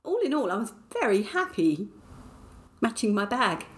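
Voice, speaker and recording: Speaking at a moderate pace in a medium-pitched, very animated voice, a middle-aged woman from England chats on her podcast diary-style. As host, she mocks herself and laughs a lot.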